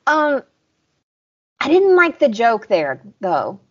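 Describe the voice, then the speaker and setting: A woman's voice: on the high side, wildly swooping pitch, takes it slowly, darkish tone. A young woman from the American South with a Southern accent, co-hosting a podcast in casual chat and recapping scenes with lots of "like". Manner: chatty, recaps scenes with quoted lines and frequent "like". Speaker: podcast co-host. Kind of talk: casual chat reviewing episodes. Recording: slightly dull lo-fi podcast audio.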